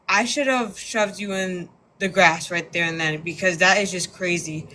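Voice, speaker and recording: A woman on a casual live discussion panel, telling a story in an animated, exasperated way. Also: on the low side, normal speed, few pauses.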